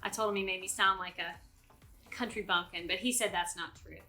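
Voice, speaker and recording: Bright-voiced woman hosting a cooking demo. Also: mid-range voice, fairly even intonation, normal speed, faint music behind. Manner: chatty, explains as she goes. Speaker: cooking show host. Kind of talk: casual cooking demonstration. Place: home kitchen.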